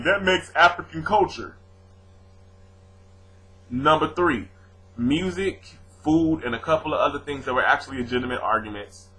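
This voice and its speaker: His voice sits on the high side, and the audio quality is poor. The young man, born in Louisiana and brought up on the US West Coast, addresses viewers head-on, animated and slangy as he argues back at his commenters in a casual video rant.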